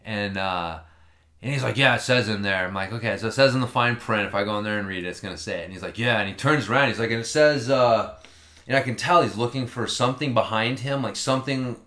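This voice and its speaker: A man's voice: lowish voice, fast talker, pushed and bright, roomy sound. A man telling a long story in casual chat, rambling and swearing freely.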